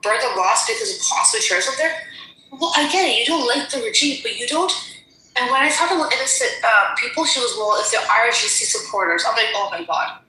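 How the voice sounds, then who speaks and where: A woman telling an angry story in heated casual chat, fast and indignant, swearing often. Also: fairly high pitch, lively intonation, sharp tone. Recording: echoey room with faint noise.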